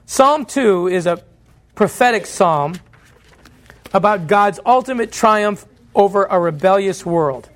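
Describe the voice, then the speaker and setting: A pastor preaching a sermon in church, earnest and direct, posing questions to the congregation and answering them himself. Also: male voice, high-pitched, expressive, takes it slowly, a bit bright.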